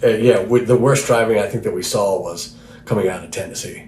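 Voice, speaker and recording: A man's voice: lowish voice, fairly quick. A man hosting a podcast, chatting and rambling casually with plenty of laughs, recorded in a living room at night. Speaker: band member and podcast host. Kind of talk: casual chat. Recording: roomy with faint background noise.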